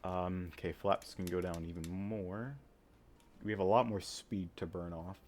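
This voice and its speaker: A man casually talking through a flight simulator game, thinking aloud with many pauses and filler words, and breaking into sudden excited outbursts. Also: deep voice. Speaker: flight sim gamer. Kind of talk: casual gameplay commentary.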